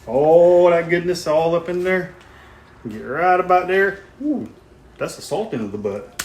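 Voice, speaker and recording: A man's voice: on the high side, animated, unhurried, slight background noise. A man, hosting a casual barbecue cooking video in a folksy, joking way outdoors. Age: 50s. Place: outdoors at a grill.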